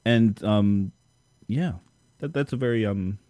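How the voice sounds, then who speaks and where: Young guy hosting a podcast, really low voice, dry sound, kinda hesitant. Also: takes it slowly, dark tone, dry recording. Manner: thoughtful, hesitant, repeats words. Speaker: podcast host. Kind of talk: casual conversation.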